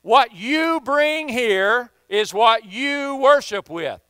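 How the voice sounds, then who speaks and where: A man's voice: extremely high pitch, animated, takes it slowly, sharp tone, clean tone, no room sound, low-quality recording. A man with a Southern US accent preaching a sermon as pastor, folksy and joking, often repeating himself.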